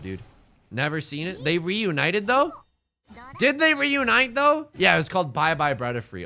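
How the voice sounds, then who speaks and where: Lively, bright-voiced male streamer. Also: fairly high pitch, measured pace, soft background music. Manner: goofy, rambling, joking with chat between plays. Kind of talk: live-stream gameplay commentary.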